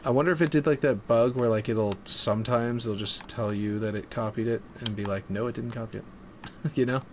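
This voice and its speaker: A man's voice: mid-range voice, steady tone, normal speed, slight background noise. A man streaming while building a game map, chatting casually and thinking aloud as he trails off. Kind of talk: casual chat while working.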